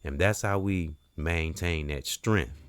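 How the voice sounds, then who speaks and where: Speaking slowly in a deep, smooth voice, this man hosts a podcast and gives a rambling motivational speech with a preacher's flair. He drops casual slang, repeats phrases, and shifts between soft delivery and loud emphasis.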